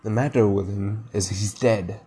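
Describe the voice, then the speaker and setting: A man's voice: fairly low pitch, steady tone, a little slow, warm tone, slightly rough. A man voicing a terrified male pirate crewman who speaks hollowly, almost gibbering. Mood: frightened.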